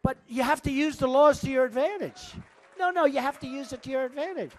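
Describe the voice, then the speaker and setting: A man's voice: very high-pitched, fairly quick. Boastful man giving a rambling rally speech. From United States. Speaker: political candidate speaking at a rally. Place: large indoor rally venue.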